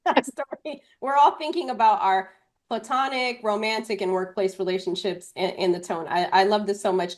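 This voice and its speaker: Enthusiastic woman podcast host. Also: medium pitch. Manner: affirming, enthusiastic reactions. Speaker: guest host. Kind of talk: podcast interview.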